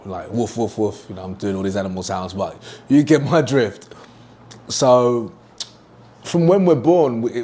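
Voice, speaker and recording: A man's voice: fairly low pitch, darkish tone. A young man teaching a sales lesson at a whiteboard, emphatic and repeating his key points. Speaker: sales trainer.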